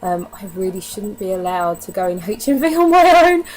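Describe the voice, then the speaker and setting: A woman's voice: mid-range voice, big pitch swings, fairly quick, a little mellow, a little hiss or hum, poor audio. A woman chatting casually to camera in a DVD haul vlog, candid and given to casual swearing. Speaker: vlogger.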